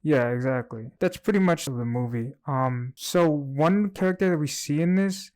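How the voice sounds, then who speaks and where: A man co-hosting a casual movie review chat, giving his opinions in a relaxed, rambling way. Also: fairly high pitch, moderate pace.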